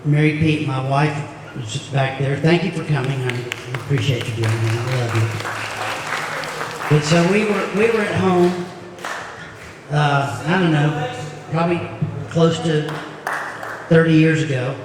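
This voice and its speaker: A middle-aged man telling a halting, heartfelt story on a concert stage, heard through a stage mic from the audience. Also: on the high side, a loud crowd, very noisy. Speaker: singer-songwriter performing a concert. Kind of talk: storytelling between songs. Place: opera house stage. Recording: echoey hall recorded from far off.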